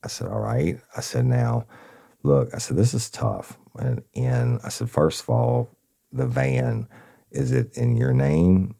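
A man's voice: very animated, takes it slowly, mellow. A man who is a detective, recounting a case in a rambling, casual storytelling way, repeating words and calling listeners y'all. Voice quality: deep gravelly voice.

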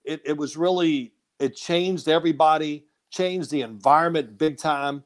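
A man, a former quarterback, telling stories as a guest in an animated, laughing way and acting out quotes. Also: a little high, normal speed. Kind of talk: casual phone-in storytelling.

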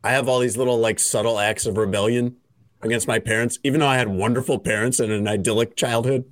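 A man's voice: mid-range voice, steady tone, fast, no room sound. A man hosts a casual podcast, chatting in a loose, rambling way full of "like" fillers and little jokes. His voice sits mid-range and is recorded close and dry, with no room sound at all. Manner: rambling, filler-heavy, joking. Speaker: podcast host.

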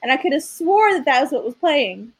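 A woman's voice: high voice, big pitch swings, fairly quick, poor audio. A young woman co-hosting a casual chat, talking in a chatty way and often trailing off and restarting her sentences. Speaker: podcast co-host.

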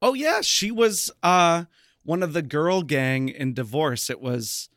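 A young man co-hosting a podcast, chatting casually in an animated, self-deprecating way and exclaiming often. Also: fairly high pitch, takes it slowly, dry recording, clean studio sound. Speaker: podcast co-host. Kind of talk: casual chat.

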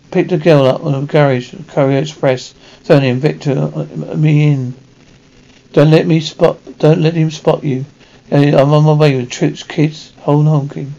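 A man acting in a 1980s TV action drama, trading brisk, gruff banter, heard on a dull lo-fi TV soundtrack. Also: fairly high pitch, mellow. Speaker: TV actor.

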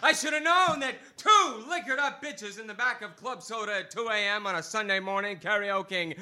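Bright, high-voiced male slam poet. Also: lively intonation, moderate pace, hardly any pauses. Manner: theatrical, swings from shouts to near whispers. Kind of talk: performed slam poem. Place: live bar stage at poetry slam.

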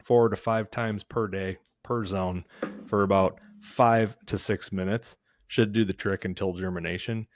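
Low-pitched male host, conversational advice with frequent restarts, dry close mic. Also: fairly even intonation, unhurried, no echo. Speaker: podcast host. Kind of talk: casual how-to chat.

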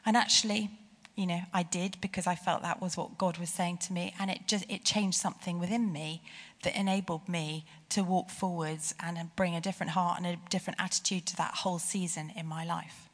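A woman's voice: on the low side, a little fast. Woman preaching in an echoing hall. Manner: animated, rising emphasis on key phrases. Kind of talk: sermon with personal stories. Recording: long hall reverb.

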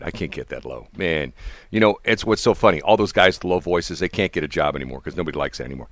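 A man's voice: very deep voice, very fast, dry recording. A man hosting a radio morning show, chatting casually and rambling, with frequent laughs. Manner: animated, rambling, laughs often. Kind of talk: casual on-air chat.

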